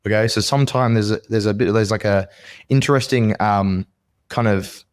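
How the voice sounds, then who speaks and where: A man's voice: on the low side, moderate pace. A man, co-hosting a sales podcast and telling stories in a loose, rambling way full of fillers. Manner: rambling, filler-heavy storytelling. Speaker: podcast co-host. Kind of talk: casual chat.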